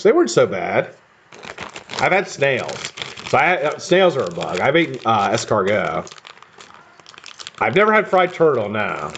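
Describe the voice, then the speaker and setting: A man's voice: medium pitch, a bit bright, a little hiss or hum. An American man hosting a live stream, chatting casually and rambling with casual swearing while he builds coils. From United States. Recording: dull lo-fi stream audio.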